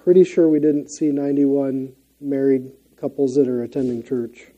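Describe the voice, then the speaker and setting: Minnesotan man preaching, mellow voice. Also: medium pitch, fairly even intonation, normal speed, muffled recording. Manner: earnest, conversational, with frequent fillers and restarts. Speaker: guest preacher. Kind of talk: sermon.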